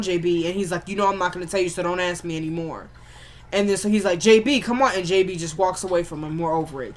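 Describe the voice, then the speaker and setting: A woman casually recapping a TV drama episode, retelling scenes and acting out the characters' lines in a chatty way. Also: mid-range voice. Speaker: TV recap vlogger.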